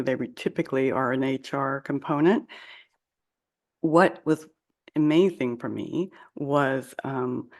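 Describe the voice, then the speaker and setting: Woman coach recounting her career. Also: very deep voice. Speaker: guest, leadership coach. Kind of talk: conversational interview.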